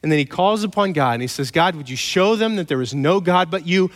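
Animated man preaching in a reverberant hall. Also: high voice, fairly quick. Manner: animated storytelling with playful asides and mock voices. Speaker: pastor. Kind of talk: sermon.

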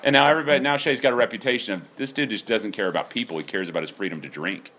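A man preaching a sermon, emphatic and animated, with rising exclamations. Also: on the low side, racing, a little hiss or hum. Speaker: pastor.

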